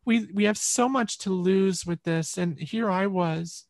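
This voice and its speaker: A middle-aged woman, a podcast guest, telling a personal story in an earnest, halting way with many restarts. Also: mid-range voice, darkish tone, no echo.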